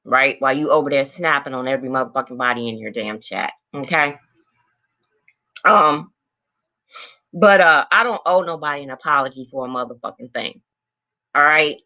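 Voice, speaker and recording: Older woman, livestream host, bright and forceful, blunt and profane, muffled lo-fi audio. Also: very deep voice, moderate pace, long pauses. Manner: blunt, heavily profane, greets viewers by name. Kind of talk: angry livestream rant to chat.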